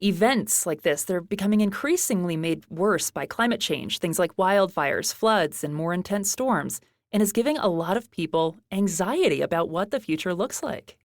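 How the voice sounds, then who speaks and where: A woman's voice: lowish voice, animated, moderate pace, hardly any pauses, dry recording. Friendly woman podcast co-host, dry studio. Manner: friendly, playful banter. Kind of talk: semi-scripted podcast chat.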